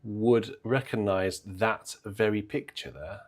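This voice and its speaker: A man's voice: on the low side, slow pace. A British man hosting a livestream from the organ, chatting playfully and teasing viewers in the chat.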